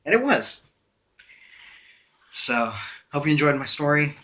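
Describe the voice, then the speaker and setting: A man's voice: a little high, very animated, a little slow, bright, forceful tone. A young man casually telling a story in a wry, conversational way, with frequent "uh" fillers. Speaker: storyteller vlogger.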